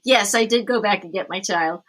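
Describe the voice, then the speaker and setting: A middle-aged woman, a parenting coach, telling a story in a casual interview, animated and often laughing. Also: medium pitch, normal speed, rough recording.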